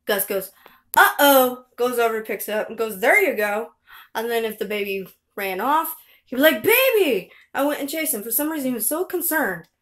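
A woman's voice: medium pitch, fairly bright tone. A woman and mother vlogging at home, telling a rambling story to the camera with light laughs. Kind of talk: casual chat to camera.

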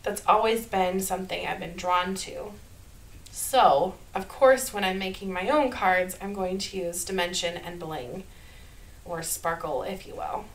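A woman's voice: fairly low pitch, unhurried, poor audio. Chatty Minnesotan woman teaching crafts. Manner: chatty and upbeat, laughs softly at herself. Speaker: card-making channel host. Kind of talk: casual craft tutorial voice-over.

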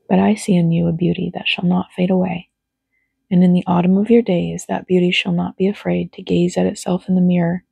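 Brief: reader doing a gentle teacher figure, soft and unhurried, gravelly, level delivery, dry close sound. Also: medium pitch, no room sound. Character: gentle male teacher, calm and loving.

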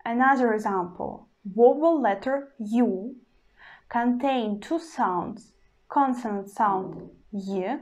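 Very slow-speaking woman teaching. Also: on the high side, darkish tone. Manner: slow, deliberate, repeats example words several times; slightly non-native English phrasing. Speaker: language teacher. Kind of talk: slow pronunciation lesson.

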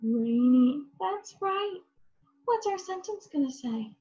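A North American woman teaches English to young learners at a very slow, deliberate pace, her high voice swooping up and down. She praises every answer and draws each word out clearly. The recording is dull and lo-fi. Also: expressive, mellow. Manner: encouraging, drawn-out words with lots of praise. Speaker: ESL teacher.

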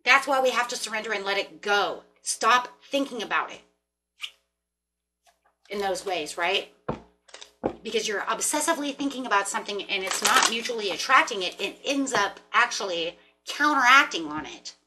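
A woman giving a casual tarot reading, animated and chatty, often repeating and restarting words as she thinks aloud, with the odd casual swear. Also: mid-range voice, moderate pace, noisy background. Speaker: tarot reader.

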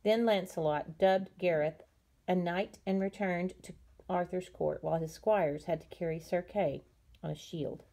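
Woman, storybook reader for a class, warm mellow tone, gentle unhurried delivery. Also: on the low side, fairly even intonation. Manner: gentle, unhurried reading with small slips. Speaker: teacher reading aloud. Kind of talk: storybook read-aloud.

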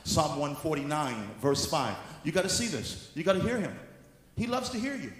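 A male apostle preaching a sermon, moving from soft teaching into shouted exhortation. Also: a little high, sing-song, normal speed. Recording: echoey hall with faint room noise.

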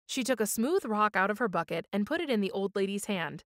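A woman reading a children's story aloud for storytime, with expressive, measured storytelling. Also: mid-range voice, no room sound, studio quality. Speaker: storytime reader.

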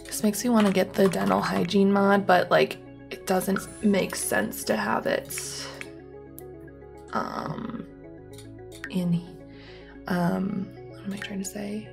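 A woman's voice: mid-range voice, takes it slowly, vocal fry, pauses often, music in the background. A young woman giving rambling, casual commentary on her own gameplay, full of ums and likes. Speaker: gaming YouTuber.

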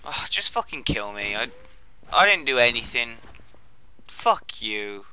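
A man giving casual let's play commentary. He swings between profane, excitable outbursts and rambling, offhand asides. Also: mid-range voice, unhurried, clear, resonant tone. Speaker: gameplay commentator.

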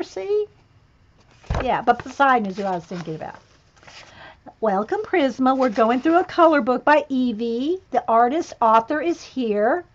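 A woman hosting a casual livestream, chatting to viewers as she pages through a coloring book, often chuckling and spelling words aloud. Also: sits high. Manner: chatty, chuckling, reads out spellings and checks pronunciations. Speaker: livestream host. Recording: muffled lo-fi livestream audio.

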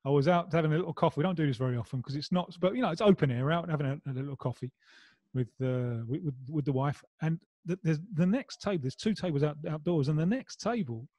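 A man's voice: a little high, fast talker, mellow, no room sound. Wry Mancunian man telling stories. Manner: rambling, many restarts, wry humour. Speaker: guest pundit. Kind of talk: casual discussion.

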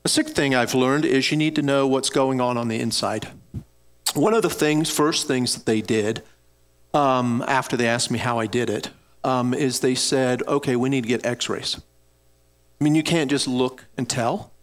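A man's voice: mid-range voice, measured pace. A middle-aged man preaching a sermon, telling a personal story in an earnest way and speaking directly to his congregation. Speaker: pastor.

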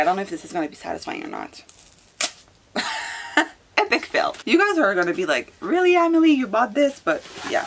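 A young woman speaking, talking casually to her viewers as a book vlogger. Her speech is loose and chatty, full of "like" and little restarts. Her voice sits at an ordinary pitch for a woman. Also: fairly bright tone, slight background noise. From Quebec, Canada. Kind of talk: casual vlog chat.

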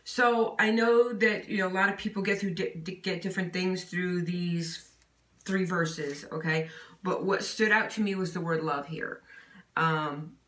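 Woman with a lowish voice doing a casual bible study talk, lots of "you know", kinda far from the mic. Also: steady tone, unhurried, a bit bright. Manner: informal, with fillers like "you know" and "okay?". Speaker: bible teacher. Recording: echoey room, voice set back from the mic.

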